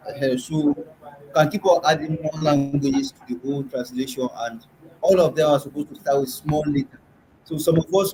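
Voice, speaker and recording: A man's voice: on the high side, a little mellow, slight background noise, low-quality recording. Nigerian man teaching a live class. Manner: patiently quizzes the class, repeats sounds aloud. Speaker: language workshop teacher. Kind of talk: in-person classroom lesson. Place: classroom or meeting room.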